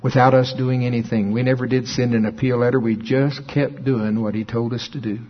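An older man preaches a sermon through storytelling, filling it with lively quoted dialogue, and his voice jumps high when he acts out phone calls. He speaks fairly quickly, and the highs in the audio are cut off.

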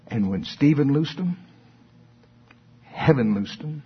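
A man's voice: medium pitch, animated, slow, long pauses, husky, lo-fi sound. A man preaching a sermon in a church, moving between emphatic questions and folksy asides. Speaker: pastor.

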